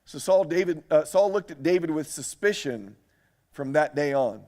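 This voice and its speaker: A man delivers a sermon at a lectureship in a fairly high voice. He reads scripture aloud and turns often to the audience with direct questions, speeding up and slowing down to stress a point. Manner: animated, asks the audience questions. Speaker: preacher.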